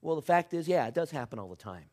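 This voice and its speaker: A middle-aged man preaching a sermon as a pastor, swinging from loud emphatic lines to hushed, almost whispered ones. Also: on the high side, big pitch swings, fast talker.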